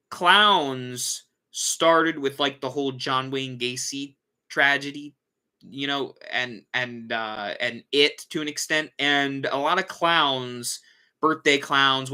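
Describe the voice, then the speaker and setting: Bright-voiced man chatting on a livestream. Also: mid-range voice. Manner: rambling, self-correcting, yawning. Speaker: host. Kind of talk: casual livestream chat.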